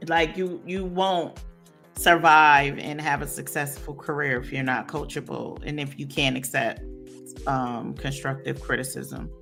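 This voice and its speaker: A woman co-hosting a casual livestream chat, talking bluntly and candidly. Her voice sits very low with a gravelly edge, yet the tone cuts bright and forceful. Faint music plays behind her. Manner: blunt, candid, animated when emphatic. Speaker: guest co-host.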